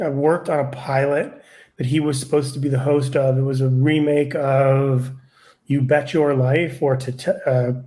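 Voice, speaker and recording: A man's voice: a little high, a little mellow. Rambling, profane male comedian guest. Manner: rambling, filler-heavy, profane. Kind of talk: casual storytelling.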